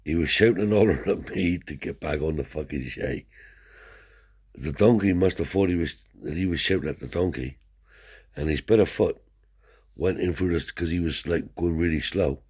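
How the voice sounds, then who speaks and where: A man's voice: deep voice, normal speed, darkish tone, husky. An older man, a Romany traveller telling rambling stories in broad dialect, peppered with swearing and "see?". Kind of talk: rambling oral storytelling.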